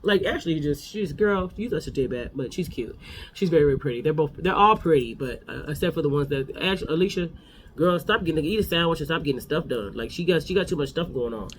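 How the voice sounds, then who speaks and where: A man's voice: fairly high pitch, animated, brisk, a little hiss or hum. A man giving a casual, sassy gossip recap of a reality show, talking straight to his viewers.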